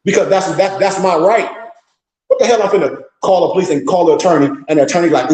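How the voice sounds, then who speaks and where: Blunt, scolding man with high voice. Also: quick pace, darkish tone. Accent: African American Vernacular English. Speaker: temple leader. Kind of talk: fiery streetwise lecture. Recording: echoey room.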